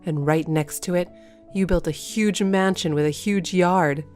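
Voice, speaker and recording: Spiteful jealous neighbor lady, done by a woman reader, resentful, lowish. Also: a little slow, a little mellow, faint music behind, close to an everyday voice. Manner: bitter, resentful.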